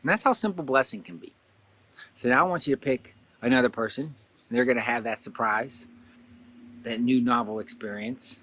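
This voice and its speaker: A man hosting a casual guided blessing exercise, animated and laughing often, jumping into excited high voices when he quotes someone. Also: moderate pace. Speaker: host guiding a blessing exercise. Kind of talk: casual guided meditation talk.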